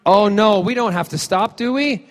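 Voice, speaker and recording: At a fan panel, a Scottish celebrity guest fields audience questions in a casual Q&A, playful and joking, with halting fillers and restarts. His voice sits high.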